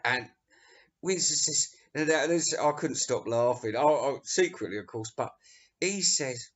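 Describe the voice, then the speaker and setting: A man's voice: mid-range voice, animated, measured pace. A middle-aged man from England, telling rambling, sweary anecdotes as a music reviewer. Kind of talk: casual storytelling. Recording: dull lo-fi recording.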